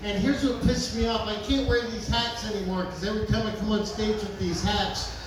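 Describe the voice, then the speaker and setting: Brash high-voiced man doing stand-up. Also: fairly even intonation. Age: 50s. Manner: brash, profane, rapid asides to the crowd. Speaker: stand-up comedian. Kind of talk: stand-up comedy set. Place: bar stage. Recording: roomy bar sound from far off, noisy.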